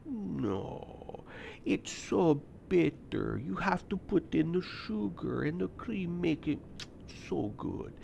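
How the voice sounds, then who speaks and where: A suave male charmer, put on by a man telling a story, speaking in a hushed, slow, crooning way. The voice floats a little higher than a normal speaking voice and glides smoothly. It swings up and down with a lot of melody. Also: big pitch swings, highs cut off, slight background noise, full character voice. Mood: earnest. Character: suave, soft-spoken charming male coworker.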